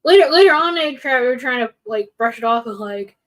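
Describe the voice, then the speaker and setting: A woman co-hosting a casual seminar who reads audience questions aloud and answers from her own experience. Her speech is chatty and informal. Her voice sits a little high. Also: normal speed. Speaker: seminar co-presenter. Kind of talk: casual panel talk.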